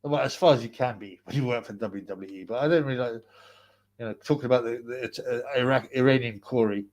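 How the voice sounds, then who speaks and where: A man's voice: mid-range voice, fast talker, darkish tone. Man, livestream host, casual rambling chat, repeats words, frequent laughs.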